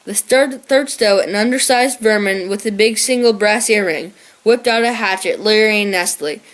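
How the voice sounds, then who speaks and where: A woman's voice: mid-range voice, normal speed, few pauses. A woman narrating a novel aloud in a plain reading manner, with small slips and restarts. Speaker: audiobook narrator.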